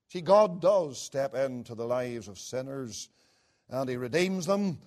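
A man preaching a sermon, rising to emphatic peaks and dropping to low, hushed lines, slow and deliberate on key words. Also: expressive.

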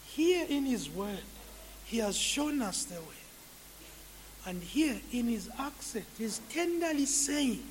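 Slow, high-voiced pleading preacher man. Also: very animated. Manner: slow, pleading, rising to urgent appeals. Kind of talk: sermon with closing prayer. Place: church sanctuary. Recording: hall reverb with faint hiss.

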